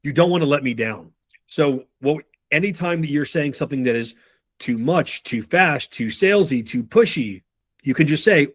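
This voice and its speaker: Man, sales trainer, casual and profane, acts out calls, lively up-and-down voice. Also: a little high, slightly rough, no echo. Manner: loose, profane, acts out sales calls in quick role-play.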